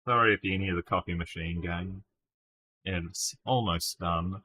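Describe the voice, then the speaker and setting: A man's voice: sits low, a little slow, bright, forceful tone, breathy edge. A man casually live-streaming a word puzzle, thinking aloud over his guesses and chatting with viewers by name. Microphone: webcam stream setup.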